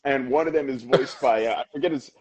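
A man in his thirties, co-hosting a casual podcast, telling an animated story with playful voices for the characters. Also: mid-range voice, quick pace, breathy edge, poor audio. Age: 30s. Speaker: podcast co-host. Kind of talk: casual chat.

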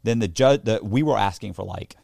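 A man's voice: on the low side, a little fast, gravelly, no room sound, clean studio sound. A man recounting a long personal story in an interview, with frequent restarts and self-corrections. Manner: animated anecdote-telling, mimics others in dialogue. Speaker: interview guest. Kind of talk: casual storytelling.

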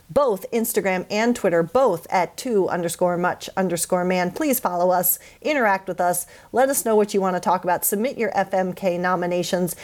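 A woman's voice: mid-range voice, a little mellow. A woman hosting a casual podcast, chatty and upbeat as she wraps up the episode. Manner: upbeat, chatty sign-off with quick asides. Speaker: podcast host.

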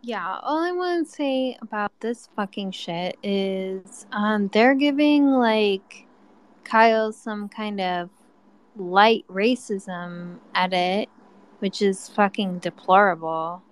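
A woman's voice: medium pitch, lively intonation, takes it slowly, clean tone, rough recording. A woman calling into a live chat room, ranting angrily and swearing heavily. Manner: angry, heavy swearing. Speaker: caller. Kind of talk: heated rant.

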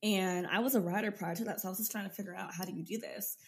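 A young woman in her twenties, a podcast guest and business coach, telling her own story in a lively way and laughing often. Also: mid-range voice, fast talker. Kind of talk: casual storytelling interview.

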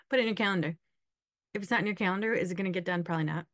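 A woman's voice: mid-range voice, quick pace, long pauses, no echo, studio quality. A woman in her thirties giving a casual motivational talk, chatty and sarcastic, laughing often.

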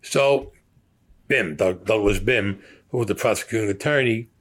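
Speaking at normal speed in a lowish voice, a man in his sixties recounts his past for an interviewer. It's casual storytelling, but heated and full of profanity, with him performing others' quotes.

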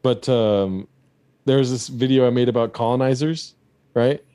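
A man's voice: mid-range voice, moderate pace, dark tone, smooth, no echo. A man from California, a podcast host, chatting casually over a call and ranting with heavy profanity.

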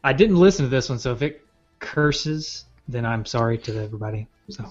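A man's voice: medium pitch, lively intonation, brisk, highs cut off, soft background music. A man hosting a podcast, chatting casually in a laid-back way and laughing easily. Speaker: podcast host. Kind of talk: casual chat.

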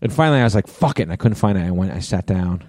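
Middle-aged podcast co-host, male, low mellow voice, rambling profane storyteller, dry close sound. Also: expressive, racing, no echo. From US East Coast. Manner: rambling storyteller, swears a lot. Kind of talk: casual chat.

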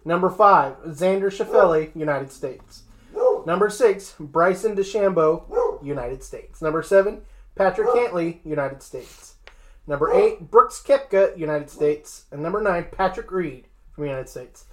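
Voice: medium pitch, animated, unhurried. A sports show host reading rankings in a casual talk style, with joking asides between the lists.

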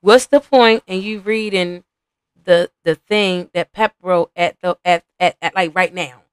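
A woman's voice: on the low side, a little slow, clear, resonant tone, dry recording. A young adult woman, hosting a podcast and giving casual, profane reaction commentary while talking straight to her viewers. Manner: animated, profane, talks to viewers as y'all. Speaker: podcast host reacting to a reality show.

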